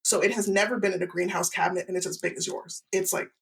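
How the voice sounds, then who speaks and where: Gravelly, husky woman chatting about plants. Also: lowish voice, fast. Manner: exuberant, enthusiastic. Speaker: plant shop owner, guest. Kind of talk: casual podcast chat.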